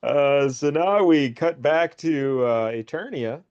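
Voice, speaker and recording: A man's voice: a little high, animated, slow pace, darkish tone, clear, resonant tone. Man, podcast co-host, rambling casual chat, laughs often, dull lo-fi sound. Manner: rambling, laughing, acts out character lines. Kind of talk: casual comic book chat.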